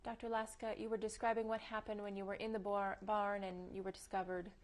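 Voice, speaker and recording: A woman interviewer asking brief, measured questions. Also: mid-range voice, flat delivery.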